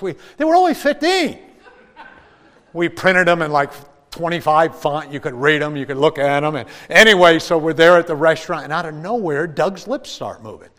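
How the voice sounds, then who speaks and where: A middle-aged man preaching a sermon as a pastor, telling animated stories that swing into shouts and laughs. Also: a little high, normal speed. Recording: long church reverb.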